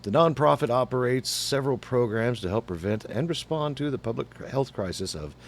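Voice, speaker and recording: A man hosts a casual gaming podcast with a lively, swinging voice. He talks in an animated way and laughs often. He trips over his words at times. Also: mid-range voice, brisk. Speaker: podcast host.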